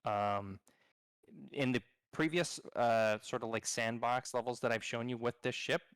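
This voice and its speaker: A man developing a game, calmly explaining his design choices in a loose, rambling way during a casual live stream. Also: mid-range voice, a little slow, smooth, no echo, studio quality. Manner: thoughtful, explaining, rambling with restarts.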